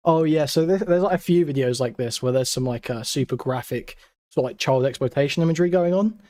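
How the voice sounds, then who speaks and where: A man's voice: medium pitch, fast, dark tone. A man talking as a guest on a call, earnest and hesitant with many restarts. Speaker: guest commentator. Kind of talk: casual call conversation.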